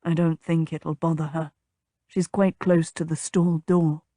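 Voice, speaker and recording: Audiobook: woman doing quiet gentle gentleman, low murmur, dry close read. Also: little pitch movement, unhurried, no echo. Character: reserved gentleman, young man, gentle. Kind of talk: audiobook character voice.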